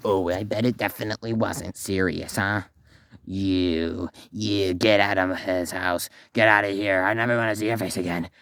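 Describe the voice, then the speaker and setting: A man's voice: low-pitched, steady tone, normal speed, a bit bright, clear, resonant tone, no echo. Man playing a melodramatic jilted young guy. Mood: angry. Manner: wounded, melodramatic. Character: hurt, dramatic young man Urkel. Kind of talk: amateur comedy skit acting.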